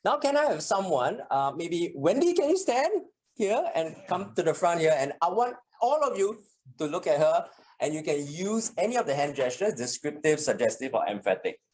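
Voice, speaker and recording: A public speaking trainer runs a live workshop from a meeting room, with listeners also joining on a video call. The voice sits at a middle pitch but swings widely up and down. Example lines get acted out with animation. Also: normal speed. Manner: animated, acts out example sentences.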